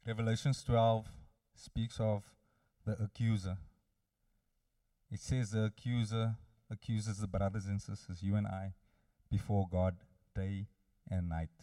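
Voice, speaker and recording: Male preacher, sermon, earnest direct address, low dark tone, slightly distant dry mic. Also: level tone, a little slow, no echo.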